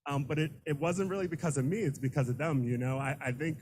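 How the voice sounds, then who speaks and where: A man's voice: fairly high pitch, darkish tone, slight background noise, low-quality recording. Emotional middle-aged man thanking students. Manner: emotional, halting, repeats words, laughs often. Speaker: teacher giving acceptance speech. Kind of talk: unscripted acceptance speech. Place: room full of students and colleagues. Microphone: handheld microphone.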